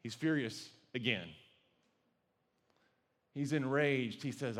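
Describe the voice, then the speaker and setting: A male pastor preaching a sermon, telling the story with animated, conversational energy. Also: on the high side, normal speed.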